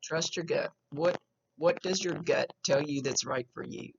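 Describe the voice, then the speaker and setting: In a dull lo-fi recording with slight hiss or hum, a woman working as a psychic medium gives a client a reading. Her voice is low, creaky, and a little slow; she is chatty and rambling, stops and restarts, and has a smoker's cough.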